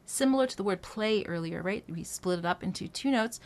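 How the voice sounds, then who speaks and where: A woman vocal coach with a fairly high voice gives a singing lesson at a moderate pace with few pauses. She breaks phrases down note by note in a conversational style, often saying "right?" and "um."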